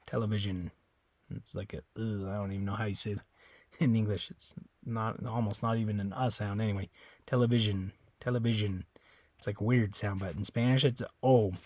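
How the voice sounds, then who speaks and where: A man teaching in a casual, informal way, repeating words slowly and often correcting himself. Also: on the low side, a little mellow, no room sound. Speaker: Spanish teacher. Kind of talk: informal classroom explanation.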